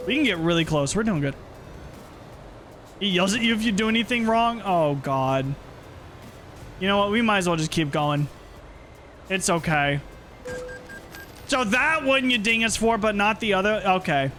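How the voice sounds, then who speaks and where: A man's voice: sits high, animated, normal speed, long pauses, fairly bright tone. A young man streaming a driving game, chatting casually with viewers and reacting aloud to the road. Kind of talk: casual gameplay commentary. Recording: game music behind.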